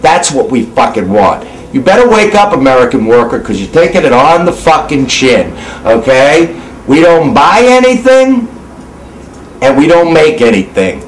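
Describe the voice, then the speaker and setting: A man delivering an angry, profane political rant with constant swearing and loud bursts. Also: mid-range voice, very animated, moderate pace, echoey room, slight background noise, low-quality recording. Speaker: actor ranting on camera.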